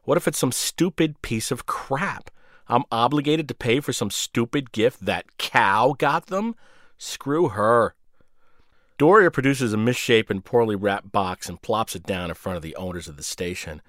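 A male radio host reading his own short story in a sardonic, deadpan way. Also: mid-range voice, a little slow, dry recording, studio quality.

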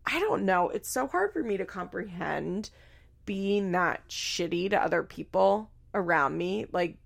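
A woman with a gravelly, fry-laced voice talks through a recap in loose, casual commentary. She is blunt and swears freely, and she slips into quick impressions of the people she quotes. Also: lowish voice. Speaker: podcast host recapping a reality show.

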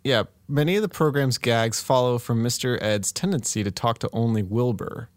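A man's voice: mid-range voice, moderate pace, dry recording. Casual, hesitant man, dry sound. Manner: relaxed, hesitant, reads facts off a phone. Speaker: podcast co-host. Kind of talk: casual chat.

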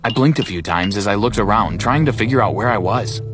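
A man with a low voice narrates a first-person story in a measured, dramatic way. Clear music runs steadily behind him.

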